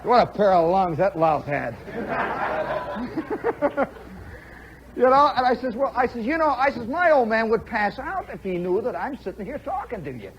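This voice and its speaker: A man from the Chicago area telling a story live on the radio, animated and conversational, with frequent "see?" and "you know" asides, from a muffled 1960s broadcast recording. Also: very high voice, measured pace, long pauses, a faint crowd, slight background noise.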